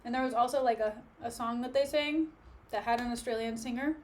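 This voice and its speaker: A woman's voice: a little high, fairly even intonation, fairly quick, darkish tone, a little hiss or hum. Chatty young woman streaming at home. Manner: chatty, joking, snacking between remarks. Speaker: livestreamer. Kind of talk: casual live-stream chat with viewers. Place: at home, sitting on the floor.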